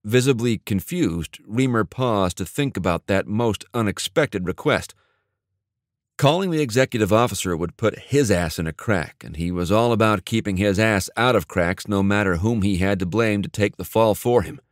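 Brief: male audiobook narrator, low voice, dry close sound, measured. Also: no room sound.

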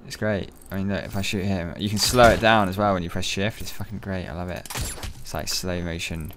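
A man giving profane, excitable, joking let's-play commentary. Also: low voice, brisk, slight background noise. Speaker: gaming channel host.

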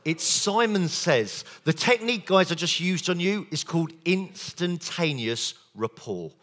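A man giving a lively conference keynote as a sales trainer, quizzing the audience with show-of-hands questions and quick jokes. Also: a little high. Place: conference hall.

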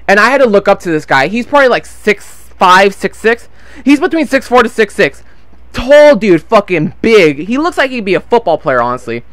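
Over gameplay, a nineteen-year-old man spins a long, meandering story in a casual way, swearing often and losing his thread and the names involved. His voice is high, a bit bright, and smooth, with no echo.

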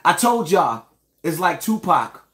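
A man's voice: fairly high pitch, sing-song, unhurried, fairly bright tone. A man ranting to his viewers in reaction commentary, emphatic and indignant, speaking straight to the audience.

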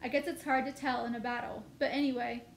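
A woman reading aloud, voicing an eager, proud young male soldier who rushes his words and loses his temper quickly. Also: on the high side, flat delivery, creaky. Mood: flustered. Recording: echoey room, faint noise.

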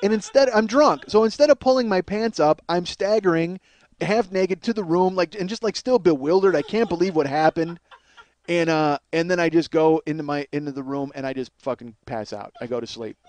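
High-pitched man, comedian host, crude rambling storytelling, profane, restarts. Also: a little fast, darkish tone, dry recording.

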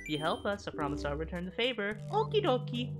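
A woman reading the lines of a spunky, defiant young female bomb creature from a game, lively and at times shouting in outrage. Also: medium pitch, fast talker, pitched above the performer's own voice, natural voice. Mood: chatty. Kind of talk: reading game dialogue aloud. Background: game music.

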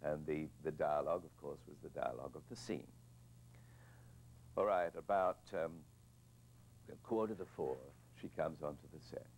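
Low gravelly older man telling stories. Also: moderate pace, pauses often, a little mellow, a little hiss or hum, low-quality recording. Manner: hesitant, repeats words while searching. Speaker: film director interviewee. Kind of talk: reflective anecdote telling.

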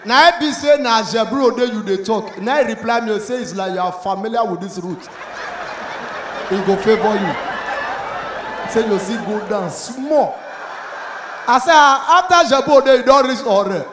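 A Nigerian comedian with a high voice tells an animated story on stage, playing every character himself and shouting the punchlines. His voice echoes through a live venue, with a faint hum of the crowd behind it. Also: moderate pace, pauses often. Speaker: stand-up comedian. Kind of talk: stand-up comedy routine.

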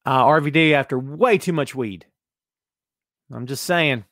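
A man's voice: mid-range voice, measured pace, no echo, clean studio sound. A man hosting a casual podcast, reading listener comments and answering them with sarcastic asides. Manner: sarcastic, animated, jumps from loud asides to muttering. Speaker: podcast host.

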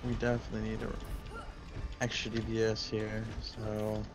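A man with a gravelly, creaky voice talks haltingly to his team, stopping on uhs. Game music sits clearly in the background. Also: lowish voice, monotone. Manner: hesitant, halting with many uhs. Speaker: teammate. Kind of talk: game voice chat callouts.

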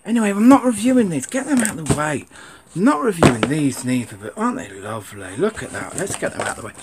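A man's voice: fairly high pitch, sing-song, fast, heavy background noise. A man giving a casual, rambling unboxing chat, grumbling and swearing at his camera. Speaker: sneaker vlogger.

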